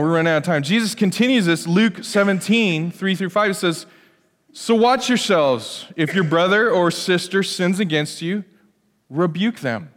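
A man preaching a lively sermon from the pulpit, his voice sitting high for a man. He drops into hushed asides, then climbs to loud, emphatic peaks. The sound carries a long reverb from the church hall around him. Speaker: pastor. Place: church sanctuary.

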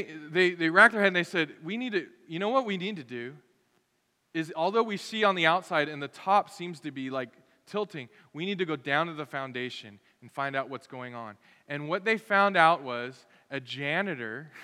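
A man preaching a sermon as pastor, lively and conversational, acting out the voices of people in his stories. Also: fairly high pitch. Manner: animated, acts out voices of others. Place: church sanctuary. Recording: long hall reverb.

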